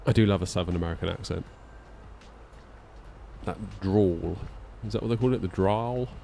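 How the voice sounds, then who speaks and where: A man's voice: low voice, moderate pace, creaky, warm tone, slight background noise. A man, streaming a flight simulator and chatting casually with his viewers while he flies. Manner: chatty, thinks aloud and answers his chat. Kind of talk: casual live-stream chat while flying.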